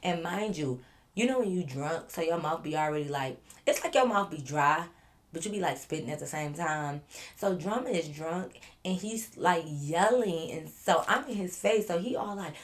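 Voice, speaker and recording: A woman vlogger telling a storytime to her viewers in an animated, laughing way, acting out what people said. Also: deep voice, normal speed. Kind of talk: storytime narration.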